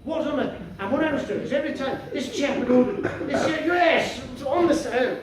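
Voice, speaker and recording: Pompous posh man, high, echoey club. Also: a loud crowd. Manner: posh, bumbling, pompous, quick to indignation. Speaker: stand-up comedian in character. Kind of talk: stand-up comedy. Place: comedy club stage. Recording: very echoey room from far off, noisy.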